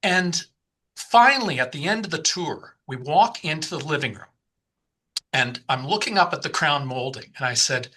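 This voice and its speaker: A man's voice: a little high, lively intonation, normal speed, bright, forceful tone. A man in his sixties, a podcast guest telling a long personal story, often repeating words and restarting his sentences. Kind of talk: storytelling in conversation.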